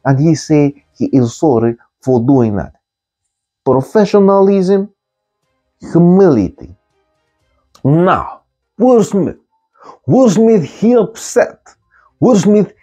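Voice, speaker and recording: A man's voice: on the high side, warm tone, husky. A man delivering a comic monologue in simple broken English, repeating key words for effect. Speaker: comic commentator.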